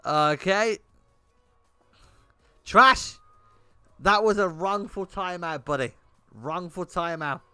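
A man's voice: sits high, unhurried, sharp tone, smooth, dry recording, faint music behind. A young man streaming a game, chatting bluntly with his viewers and swearing often. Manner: blunt and swearing, talking to chat in bursts. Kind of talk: casual livestream chat while gaming.

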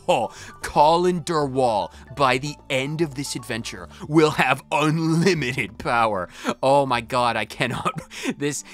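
A man narrates his own gameplay with giddy, gushing enthusiasm, exclaiming again and again. His pitch swings widely from low to high as he reacts. Soft game music plays faintly behind him. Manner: gushing, excitable, repeatedly exclaiming. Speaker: gaming channel host. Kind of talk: let's play commentary.

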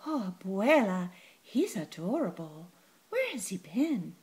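A woman's voice: mid-range voice, sing-song, takes it slowly, a little mellow, slightly rough, full character voice. A woman voicing a proud young female cockroach in a storybook reading, prim and dry. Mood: anxious.

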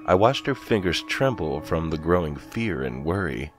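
A man with an extremely deep voice reads a horror story aloud. He is slow, grave and dramatic, and each line is carefully scripted. Faint music plays behind him. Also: very animated. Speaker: narrator.

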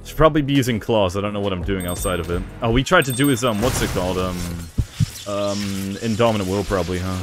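Low-voiced excitable young man gaming. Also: quick pace, music in the background. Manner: excitable, sarcastic, frequent self-deprecating jokes. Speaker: gaming video creator. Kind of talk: casual gameplay commentary.

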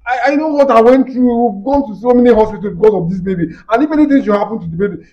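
A man's voice: high voice, rapid-fire, highs cut off, lightly acted. A man with a Nigerian accent playing an anxious, overprotective husband in a comedy skit, stammering and repeating words when flustered.

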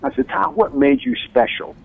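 Man, radio guest, lively storyteller, gravelly edge, tinny phone-line sound. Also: moderate pace. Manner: enthusiastic storyteller, acts out quotes with big pitch jumps. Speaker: author and guest. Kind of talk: animated radio interview storytelling.

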